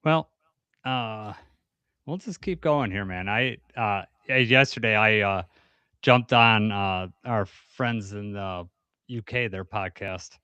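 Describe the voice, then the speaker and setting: A man's voice: lowish voice, slow, bright, forceful tone, clear, resonant tone, no echo, lo-fi sound. A man co-hosting a live podcast stream, chatting casually, rambling a little and laughing easily. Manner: rambling, laughs easily, greets chat viewers. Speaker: podcast co-host.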